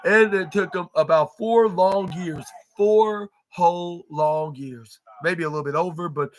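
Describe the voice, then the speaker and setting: A man's voice: high voice, measured pace. A man hosting a podcast, recapping a wrestling show in a loose, rambling way with many fillers and restarts. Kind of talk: casual recap.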